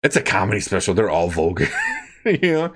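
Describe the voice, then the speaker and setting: Male podcast host, low and animated, loose chatty delivery full of fillers and laughter. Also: fairly quick, slightly rough. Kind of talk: casual chat.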